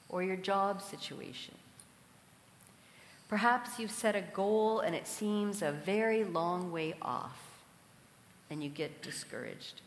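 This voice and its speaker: A woman preaching a sermon in a large hall, telling a story and asking reflective questions at a measured pace. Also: mid-range voice, slight background noise. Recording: echoey hall with long reverb.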